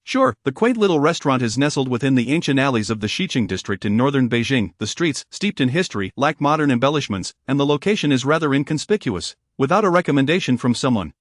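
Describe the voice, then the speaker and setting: A man reads a romance novel aloud in a steady, even manner and gives every character much the same voice. His pitch sits in the middle range for a man. The recording is dry and close, with no room sound. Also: quick pace, few pauses, no echo. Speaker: narrator. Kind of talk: scripted audiobook narration.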